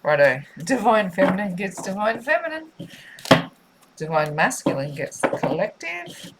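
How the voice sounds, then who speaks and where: A woman's voice: mid-range voice, sing-song, unhurried, heavy background noise. A woman giving a spiritual tarot reading, musing and repetitive in a soothing way. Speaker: tarot reader.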